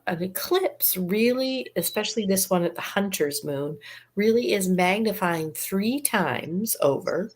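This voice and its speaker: A woman in a casual chat, explaining astrology in a flowing, reflective way. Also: fairly low pitch. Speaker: astrologer guest.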